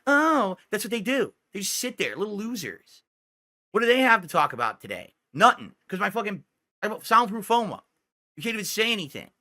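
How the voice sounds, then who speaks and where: A man's voice: sits high, bright, forceful tone, dry recording, clean studio sound. A man livestreaming, ranting in a boastful, taunting way and swearing at his critics. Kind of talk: livestream rant.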